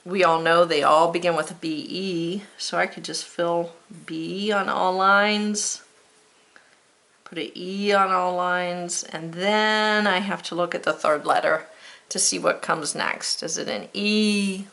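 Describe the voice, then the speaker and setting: A woman's voice: fairly low pitch, fairly even intonation, slow pace, vocal fry, a bit bright. An American woman teaching a spelling lesson, patiently sounding out words and spelling them letter by letter.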